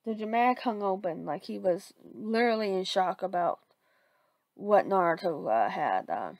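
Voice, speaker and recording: A woman's voice: medium pitch, lively intonation, normal speed, darkish tone, dry recording, poor audio. A woman casually retelling a fan story, rambling with frequent restarts.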